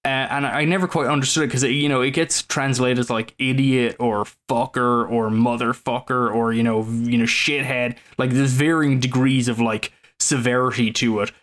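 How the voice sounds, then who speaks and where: A man's voice: mid-range voice, steady tone, moderate pace, few pauses, a bit bright. A man co-hosting a casual film podcast, rambling with lots of fillers and restarts. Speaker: podcast co-host.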